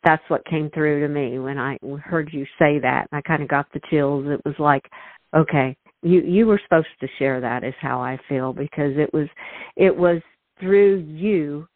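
A woman's voice: sits low, normal speed, no room sound. A woman hosting a podcast interview, effusive and emotional, often restarting her sentences. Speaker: host. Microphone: call. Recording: tinny phone line.

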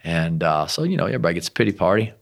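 A middle-aged American man, a missionary guest, telling a personal story in a casual, animated way with self-deprecating humor. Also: low voice, very fast, gravelly. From United States.

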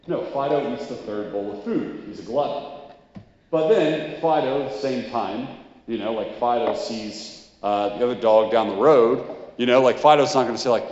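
A man's voice: medium pitch, moderate pace, darkish tone. A man giving a sermon in a casual, conversational way, full of fillers. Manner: casual, conversational, many "like" and "you know". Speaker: preacher. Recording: echoey hall, dull sound.

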